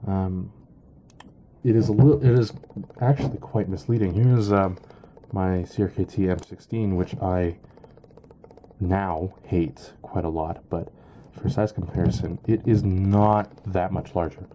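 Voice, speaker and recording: A man giving a casual product review, halting and full of ums and uhs. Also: deep voice, fairly even intonation, mellow, a little hiss or hum. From Canada. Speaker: knife reviewer.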